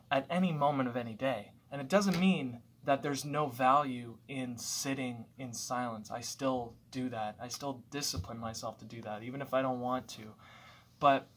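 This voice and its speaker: A man's voice: mid-range voice, a bit bright. A man talking through his thoughts in a casual, reflective monologue at home, rambling and restarting as he goes. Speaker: vlogger.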